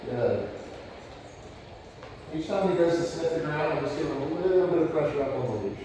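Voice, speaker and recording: A fairly high-voiced man trains a dog indoors at home, explaining calmly as he goes and praising the dog now and then. His voice sits back from the mic and rings with a long, roomy echo. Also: a little fast, distant mic, a little hiss or hum. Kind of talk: live demonstration with commentary. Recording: echoey room, voice picked up from afar.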